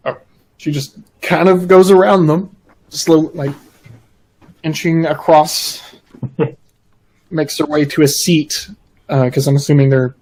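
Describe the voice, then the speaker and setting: A man playing in a tabletop role-playing game, describing his character's actions with fillers and pauses. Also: a little high, steady tone, darkish tone, poor audio. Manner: slow, deliberate, hesitant. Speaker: player.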